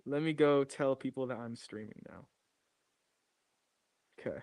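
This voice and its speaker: A man's voice: mid-range voice, unhurried, a little mellow, dry recording, clean studio sound. A young man streaming from his home garage, chatting casually and repeating phrases restlessly while he sets up a new microphone. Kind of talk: casual livestream chat. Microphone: new desk microphone.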